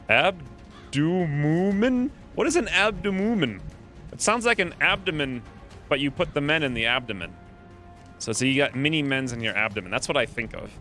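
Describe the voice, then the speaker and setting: A man's voice: medium pitch, sharp tone. A man giving playful live commentary while streaming a game, coining silly nicknames as he plans each move.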